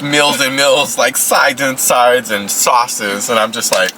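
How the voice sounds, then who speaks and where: A man's voice: mid-range voice, flat delivery, slow pace, sharp tone. A young man in casual chat over a meal, laid-back and hesitant, full of fillers. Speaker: friend. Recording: distant, noisy.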